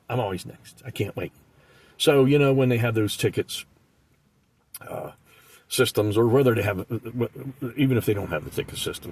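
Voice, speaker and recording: A man delivering a comic monologue in an animated way, slipping into the voices of the people he describes. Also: mid-range voice, breathy edge. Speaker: comedic storyteller.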